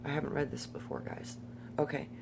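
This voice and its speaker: A woman reading scripture and telling personal stories casually, often saying "literally" and "like" and reading haltingly as she goes. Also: low-pitched, very animated, creaky, darkish tone, a little hiss or hum.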